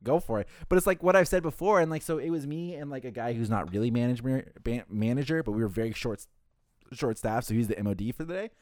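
A man's voice: mid-range voice, lively intonation, darkish tone, dry recording, clean studio sound. A man who works a hotel front desk, telling stories in casual chat, swearing freely and acting out what callers said. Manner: fast, profane, acts out callers' lines.

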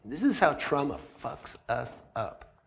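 A man's voice: mid-range voice, sing-song, measured pace, gravelly. A man speaking as a psychologist guest in a casual conversation, loose and candid, swearing freely and laughing at himself.

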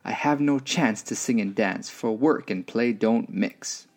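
A man voicing an earnest, hard-working little pig in a storybook reading, steady and serious. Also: fairly low pitch, measured pace. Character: sober hard-working young male pig.

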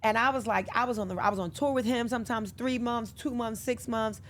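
A woman's voice: a little high, steady tone, a little fast, a bit bright, a little hiss or hum. A woman guest in casual interview chat, who tells stories animatedly and acts out the lines she quotes. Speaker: podcast guest.

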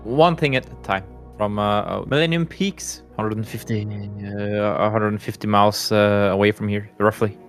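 A man's voice: fairly low pitch, fairly even intonation, moderate pace, soft background music. Hesitant man playing a tabletop game. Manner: hesitant, stammering in character. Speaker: player. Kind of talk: casual tabletop play.

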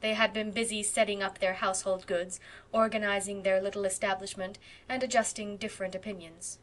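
A woman reading a classic novel aloud as an audiobook narrator, measured and expressive. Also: mid-range voice. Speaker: audiobook reader. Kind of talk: scripted narration.

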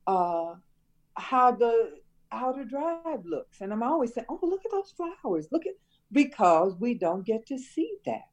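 An older woman chatting with her son in a family interview, reminiscing in a warm, teacherly way and laughing easily. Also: fairly high pitch, rough recording. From Chicago area. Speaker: interviewee, mother of the host.

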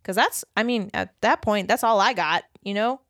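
A woman co-hosts a casual faith discussion in an earnest, animated voice. Her pitch sits at an ordinary middle height, and she slips into quoted voices as she talks. The sound is dry and close. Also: normal speed, no echo. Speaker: podcast co-host.

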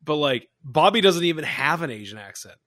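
A man from Canada co-hosting a gaming podcast in casual chat, animated, swearing freely and laughing often. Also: on the high side, a little fast. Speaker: podcast co-host.

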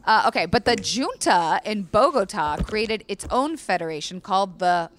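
A guest author on a podcast reads history aloud, breaking off into profane, joking asides in a casual storytelling style. Her voice is animated and medium-pitched with a fairly bright tone, at a normal speed, and the recording is dry.

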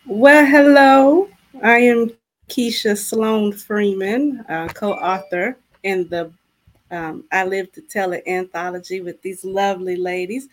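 A woman's voice: medium pitch, steady tone, takes it slowly. A woman guest co-author, telling her personal testimony candidly and acting out her own prayers.

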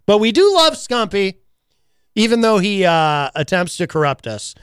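A man's voice: high voice, big pitch swings, moderate pace, smooth, no echo, clean studio sound. A man hosting a radio show in casual chat, teasing his co-host in a playful, mock-dramatic way. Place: radio studio.

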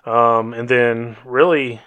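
A man talks through a film plot on a relaxed podcast, unhurried and a little rambling. His voice sits at an everyday middle pitch, filled with ums and easygoing asides. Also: clean tone, narrow, tinny audio. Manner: laid-back, rambling with fillers and swearing. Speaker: podcast co-host. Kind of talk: casual chat, recapping a movie.

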